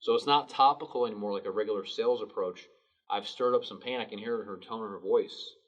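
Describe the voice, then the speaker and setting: Calm low-voiced male sales trainer. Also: fast talker. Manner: calm, low late-night DJ delivery. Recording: distant mic, dull sound.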